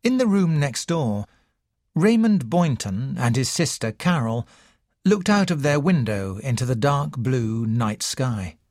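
An audiobook narrator reading a story in a measured, expressive way. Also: medium pitch, no room sound, clean studio sound. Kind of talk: scripted narration.

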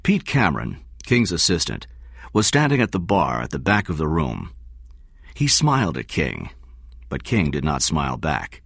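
A man narrating a story in a measured storytelling manner. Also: very deep voice, huge pitch swings, creaky, fairly bright tone, breathy edge, no echo, clean studio sound.

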